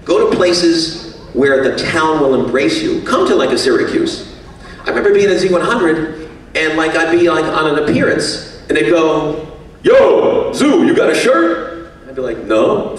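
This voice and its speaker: A man's voice: a little high, far from the mic. Joking man speaking in an echoey hall. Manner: self-mocking, jokey storytelling. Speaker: banquet speaker, radio executive. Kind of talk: after-dinner speech with anecdotes. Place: banquet hall.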